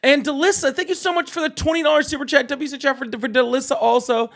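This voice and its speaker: Animated high-voiced male stream host. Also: fast talker, vocal fry. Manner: animated, laughs often, blunt with callers. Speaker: livestream political call-in host. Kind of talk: casual livestream chat, reading donor messages.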